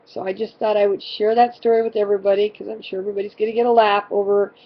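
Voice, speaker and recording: A woman's voice: mid-range voice, level tone, fast talker, lo-fi sound. A woman, a mother, rambling through a funny family story with constant fillers, dramatic and exasperated. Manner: rambling, fills with constant "you know". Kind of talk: casual personal storytelling.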